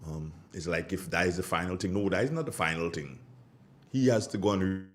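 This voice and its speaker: A Grenadian man hosts a radio show from the studio, greeting listeners and spinning stories in a relaxed, colloquial style. His voice is low and a bit quick, and he tells tales with animated Caribbean phrasing.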